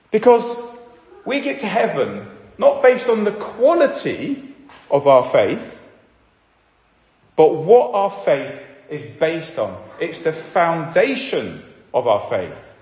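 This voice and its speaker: A man delivers a sermon with earnest emphasis, often slowing down to stress key points. His fairly high voice swings widely in pitch. He is recorded in a large hall with a long, roomy echo. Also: a little mellow. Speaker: preacher. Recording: echoey hall, slightly dull sound.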